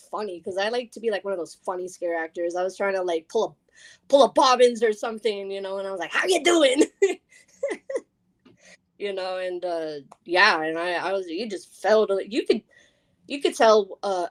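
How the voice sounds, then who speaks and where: A young woman chats on a podcast as a guest, telling her stories with lots of energy. She laughs often and jumps into voices as she acts out the quotes. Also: medium pitch. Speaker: guest scare actor. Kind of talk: casual podcast storytelling.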